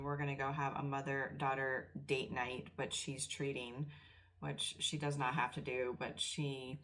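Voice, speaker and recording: A middle-aged woman giving a casual tarot reading, emotional and close to tears, talking in a soft, rambling way. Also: rumbling low. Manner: emotional, tearful and soft-spoken. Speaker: tarot reader.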